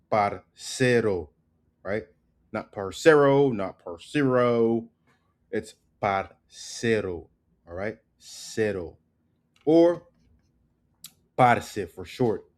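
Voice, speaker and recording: A man giving a casual spoken language lesson, loose and repetitive, tagging "right?" onto his points and drilling words slowly. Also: lowish voice, darkish tone. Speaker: language teacher.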